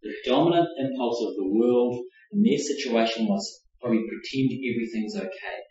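A man's voice: mid-range voice, expressive, moderate pace, warm tone. Reflective male preacher in an echoey hall. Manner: reflective, conversational, with frequent hedging fillers. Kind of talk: sermon teaching on a psalm. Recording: very echoey, distant mic, dull lo-fi.

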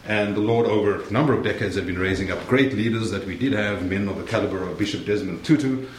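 A man's voice: on the low side, fast. A young man with a South African accent preaching a sermon as a guest preacher, friendly and joking with the congregation. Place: church sanctuary. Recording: roomy church sound, faint noise.

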